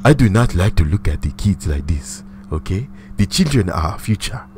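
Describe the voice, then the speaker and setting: A stern lecturing man , put on by a man, speaks in a put-on foreign accent, quieter than his usual voice. Each word is formal and carefully over-enunciated, and the tone stays low and solemn. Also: sing-song, moderate pace, background noise. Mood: mock solemn.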